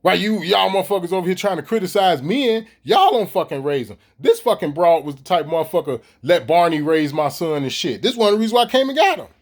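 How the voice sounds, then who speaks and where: A man's voice: sits high, sing-song, fast, hardly any pauses. A middle-aged man, ranting profanely and animatedly straight to his viewers in a casual vlog. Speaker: vlogger. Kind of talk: casual ranting monologue to camera.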